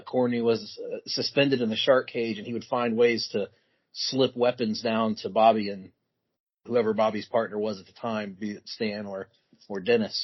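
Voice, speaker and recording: Husky male co-host, casual and wordy; muffled lo-fi podcast sound. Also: fairly low pitch. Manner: wordy, mock-formal phrasing. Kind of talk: casual chat. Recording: dull lo-fi audio.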